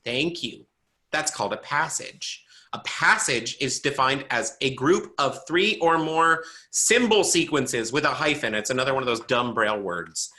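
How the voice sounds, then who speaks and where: Brief: male teacher on a video call, bright tone, quizzes students and jokes as he explains. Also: mid-range voice, expressive, normal speed. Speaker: braille teacher. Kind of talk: online class instruction.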